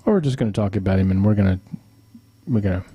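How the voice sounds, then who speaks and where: The sound is lo-fi but has no echo as a middle-aged man talks fast in a slightly rough, lowish voice. He hosts a live stream, chatting casually with viewers and telling rambling family stories full of chuckles and teasing asides.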